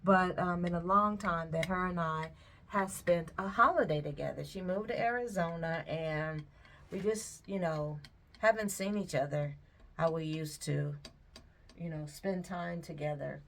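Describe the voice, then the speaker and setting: Woman, middle-aged, lowish pitch, casual reminiscing chat, faint noise behind. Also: unhurried, a bit bright. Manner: chatty, reminiscing, laughs often. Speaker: vlogger. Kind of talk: casual chat while pouring paint.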